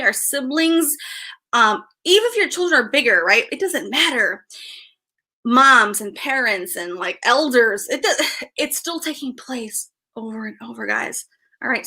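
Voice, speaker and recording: A woman's voice: high-pitched, pushed and bright. A woman in her thirties chatting casually on a livestream, sighing often and repeating herself as she talks. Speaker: vlogger.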